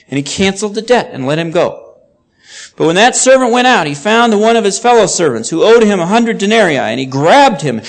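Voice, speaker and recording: Man preaching a sermon, higher voice. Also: expressive, a little fast. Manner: expository preaching, reads scripture aloud with rising emphasis. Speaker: pastor.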